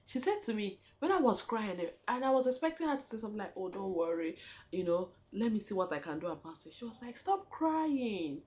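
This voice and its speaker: A young woman with a Nigerian accent telling a personal story on her vlog in an animated, dramatic way, often calling her viewers guys. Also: mid-range voice, quick pace. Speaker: vlogger.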